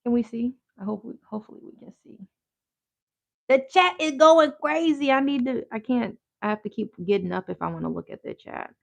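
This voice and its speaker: A woman's voice: medium pitch, fast, vocal fry, few pauses, darkish tone. A woman hosting a casual livestream while she crafts, rambling in slang and talking back to her chat. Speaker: yoga therapist and crafter, livestream host.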